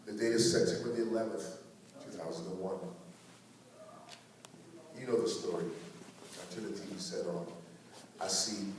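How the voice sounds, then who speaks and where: A man giving a keynote talk to teachers, telling personal stories with animated humor. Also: mid-range voice. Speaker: speaker. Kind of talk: storytelling keynote speech. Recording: echoey hall recording from far off, faint noise.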